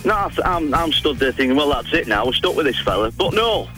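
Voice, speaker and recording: A man's voice: fairly high pitch, lively intonation, fast, sharp tone, soft background music, poor audio. A man calling into a radio show, telling a holiday story in a dry, wry way. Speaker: caller. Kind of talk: phone-in storytelling.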